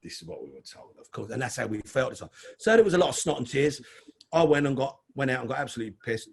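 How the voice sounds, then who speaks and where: Husky chatty man. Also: mid-range voice, expressive, quick pace. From London. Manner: chatty, calls the host mate. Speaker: interview guest. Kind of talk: casual storytelling.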